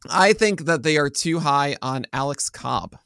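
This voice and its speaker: A man co-hosting a casual podcast, joking around and trailing off quietly at the ends of his thoughts. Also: fairly high pitch, animated, measured pace, creaky, clear, resonant tone, no room sound, studio quality. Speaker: podcast co-host.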